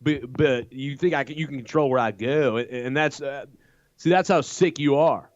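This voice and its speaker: A man's voice: medium pitch, normal speed, dry recording, muffled recording. A man calling into a show, taunting and repeating the same insults over and over. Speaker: caller.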